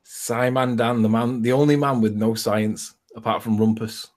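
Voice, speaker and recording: A man's voice: mid-range voice, fairly even intonation, darkish tone. Chatty Scouse man on a video call. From Liverpool, England. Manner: chatty, mocking, quick to laugh. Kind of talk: casual online video call chat.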